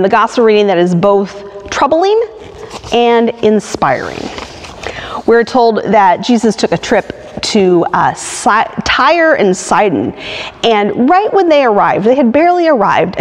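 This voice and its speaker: A woman pastor who reads a poem aloud and then preaches a sermon with lively emphasis. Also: mid-range voice. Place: church sanctuary. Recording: long hall reverb.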